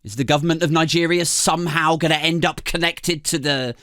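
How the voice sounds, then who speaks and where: A man's voice: steady tone, a little fast, a bit bright, dry recording, studio quality. A British man on a comedy podcast, ranting sarcastically, swearing and laughing as he talks. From Britain. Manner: sarcastic, swearing, laughing often, swooping pitch. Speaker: podcast co-host.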